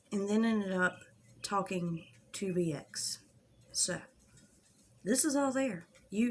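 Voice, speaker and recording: A woman's voice: medium pitch, vocal fry, a little hiss or hum. Angry, blunt woman swearing freely. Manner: frustrated, blunt, heavy swearing. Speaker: drama commentary YouTuber. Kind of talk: casual commentary vlog.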